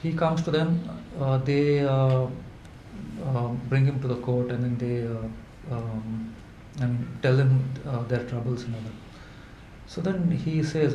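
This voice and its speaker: A man, telling folk tales to a live audience in a halting way, with many fillers and restarts. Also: medium pitch, mellow, lo-fi sound. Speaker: storyteller. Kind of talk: live folklore storytelling. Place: event hall indoors. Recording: echoey room with faint hum.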